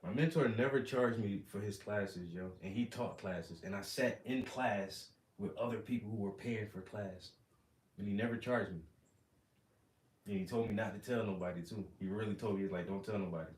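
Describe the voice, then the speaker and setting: A man's voice: fairly low pitch, moderate pace, recorded from a distance. Man, casual painting-stream chat, slangy and swearing, mic set back, echoey room. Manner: animated, profane, slangy storytelling. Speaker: oil painter hosting a livestream.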